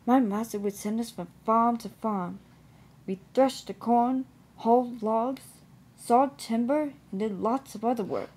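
A woman voicing a sad, proud old male traction engine in a storybook reading, gentle and wistful. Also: on the high side, measured pace, slightly rough.

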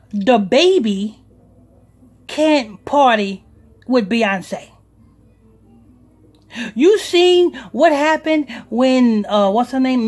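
A man hosting a talk radio show as pastor, ranting emphatically with profanity. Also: very high-pitched.

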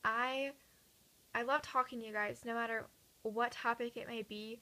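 A teenage girl vlogging at home at night, chatty and earnest, her voice a little raspy from talking a lot. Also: fairly high pitch, steady tone, normal speed, pushed and bright, rough recording. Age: teens. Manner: chatty, earnest, many fillers and restarts. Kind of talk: casual chat to camera.

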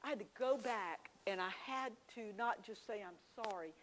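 A woman's voice: mid-range voice, moderate pace, fairly bright tone, a little hiss or hum, poor audio. A woman teaching a church class, telling homey stories with confiding asides. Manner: folksy storytelling, confiding asides.

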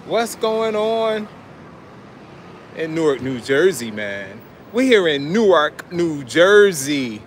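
Man, upbeat vlogger, casual walk-and-talk, fairly high voice, light street noise. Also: very animated, slow. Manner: upbeat, addresses viewers as y'all. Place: city street, then inside a restaurant.

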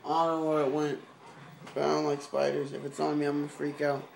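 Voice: mid-range voice, monotone, quick pace, vocal fry, a little mellow, slight background noise. Rambling vlogger filming their bedroom. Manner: rambling, offhand and goofy. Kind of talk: casual rambling home video.

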